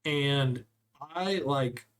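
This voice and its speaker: A young man co-hosting a casual podcast chat, telling stories with lively acted-out quotes. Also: mid-range voice, drawn-out words. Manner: animated storyteller acting out quotes. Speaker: podcast co-host.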